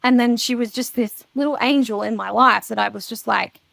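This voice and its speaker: High, gravelly woman telling her story. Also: steady tone, brisk, a bit bright, no room sound. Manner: frank, casual, swears freely. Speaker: guest. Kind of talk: candid personal storytelling.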